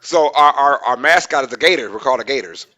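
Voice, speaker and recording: A man's voice: medium pitch, expressive, fast talker, bright, forceful tone. A young man co-hosting a sports podcast, telling stories in casual, slangy talk and laughing often. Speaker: podcast co-host.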